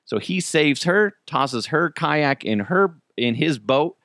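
A man, the host of a podcast, telling a story in a casual, animated way, swearing freely and laughing as he goes. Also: fairly high pitch, slow pace, no room sound, studio quality. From United States.

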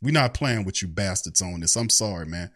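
A man's voice: low-pitched, lively intonation, brisk, a bit bright. A man hosting a fan show, ranting in an angry, profane way. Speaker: sports fan show host. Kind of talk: heated fan rant.

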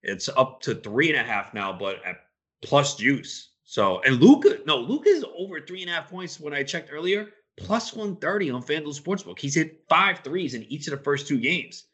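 A man hosting a sports betting podcast, talking in an opinionated, rambling way that gets animated when he's riled up. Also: fairly high pitch, moderate pace. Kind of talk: casual podcast talk.

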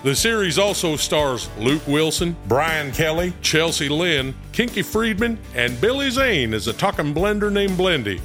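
A man's voice: fairly high pitch, big pitch swings, measured pace, hardly any pauses, a bit bright. A man playing a jovial, folksy country singer, reading a podcast ad. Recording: ad read with music underneath.

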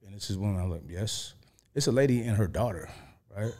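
Laid-back low-voiced man telling stories. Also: animated, fast talker, mellow. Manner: laid-back, profane, many fillers like "you know what I'm saying". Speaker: interview guest. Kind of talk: casual storytelling.

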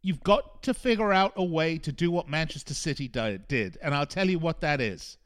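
A man's voice: a little high, animated, normal speed. A male soccer radio host giving a frustrated, emphatic talk monologue, repeating phrases for punch. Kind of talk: opinionated sports talk monologue.

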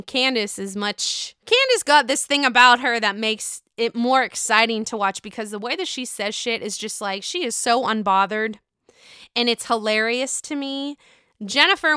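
A young woman recapping a reality show in a casual, gossipy, animated way, swearing freely. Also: fairly high pitch, clean tone, no echo, studio quality.

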